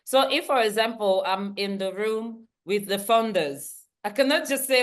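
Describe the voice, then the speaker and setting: A woman's voice: medium pitch, animated, normal speed, hardly any pauses. A woman leading a leadership workshop, talking emphatically, repeating her key points and laughing easily. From Central Africa. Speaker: workshop trainer. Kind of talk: online leadership training talk.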